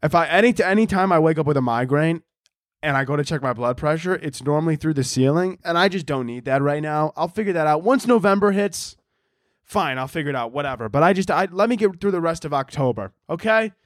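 Rambling and profane, a man running his own podcast jokes at his own expense in casual solo talk. He sounds animated and brisk, with a voice on the high side. The audio is studio quality, with no echo.

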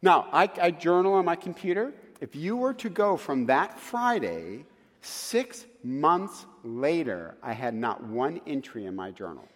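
Male pastor, higher voice with a lively, swooping delivery, storytelling sermon style, long hall reverb. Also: measured pace. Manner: animated storytelling with acted asides.

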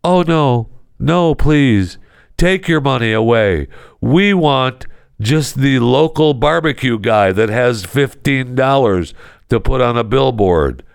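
A man's voice: medium pitch, lively intonation, takes it slowly, gravelly, clear, resonant tone, no room sound, studio quality. A man playing a fussy TV network boss who indignantly pleads with someone to take their money away. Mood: mock refusal. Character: fussy, self-righteous male TV network boss.

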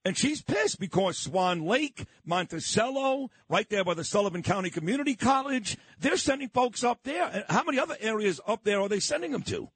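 Husky, combative talk radio host. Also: male voice, sits high, big pitch swings, fairly quick, hardly any pauses, a bit bright, no room sound. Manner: fired-up, blunt and combative. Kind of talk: talk radio monologue and interview. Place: radio studio. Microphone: studio microphone.

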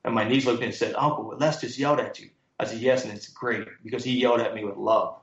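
A man being interviewed as a guest speaker, telling lively stories and quoting others with emphasis. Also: mid-range voice, fast. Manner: animated storyteller, quotes others with emphasis. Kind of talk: storytelling interview answers. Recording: echoey, muffled sound.

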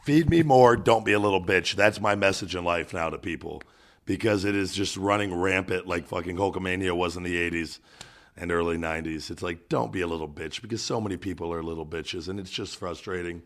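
A podcast host with a deep, gravelly voice speaks bluntly and swears a lot. He slips into motivational rants in casual chat. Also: steady tone, a little fast, a bit bright.

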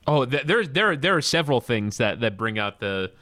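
A man telling a story on a casual podcast, his pitch swinging up and down as he goes. He often restarts mid-sentence. He sounds close and dry, with no room around him. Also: normal speed, dry recording. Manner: animated storytelling with many restarts. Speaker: podcast co-host. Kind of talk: casual chat. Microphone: remote call.

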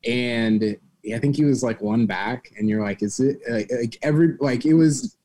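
A man co-hosts a casual sports chat, rambling excitedly about a memory. His voice is dark and mellow. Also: medium pitch, normal speed. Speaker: co-host.

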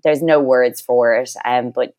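Dublin girl on a podcast, low voice, rambly, lots of ums and restarts. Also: fairly even intonation, a little slow, darkish tone. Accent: Irish, Dublin. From Ireland. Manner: chatty, rambling with fillers and restarts. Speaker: guest, former reality show crew member. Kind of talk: casual podcast chat.

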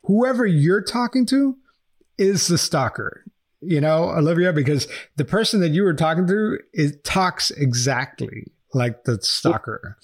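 A man's voice: on the high side, sing-song, measured pace. A man hosting a true-crime podcast, narrating updates and interviewing a guest in a conversational way. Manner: conversational, reads text messages aloud. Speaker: podcast host.

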